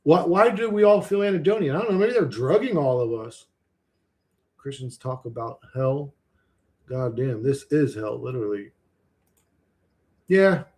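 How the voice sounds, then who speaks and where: A man's voice: medium pitch, lively intonation, a little slow, long pauses, darkish tone. A man ranting on a livestream in a casual, rambling, sardonic way, swearing freely.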